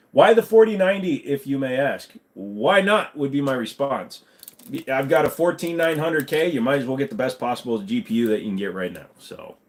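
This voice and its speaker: Male streamer, casual Q&A, crude jokes and cursing, lively pitch. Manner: crude, joking, swears freely. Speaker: livestream host.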